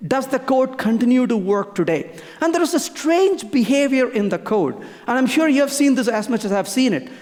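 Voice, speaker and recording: An animated conference speaker whose pitch rises and falls expressively while stressing the same point again and again. The talk goes out through a stage microphone. The sound rings out with the long reverb of a large hall. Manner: emphatic, repeats key points, frequent restarts.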